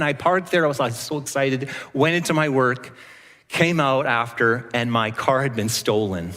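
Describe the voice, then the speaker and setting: A man in his thirties preaching a sermon, telling a personal story and acting out the dialogue with lively energy. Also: medium pitch. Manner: animated storyteller, acts out dialogue. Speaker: pastor. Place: church sanctuary. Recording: long church reverb.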